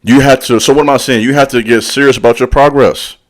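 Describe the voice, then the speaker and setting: This is a mid-range male voice with fairly even intonation and a fast delivery. He's a channel host and spiritual speaker giving a blunt, preachy motivational monologue full of casual slang, repeating lines for emphasis and directly calling out whoever is listening.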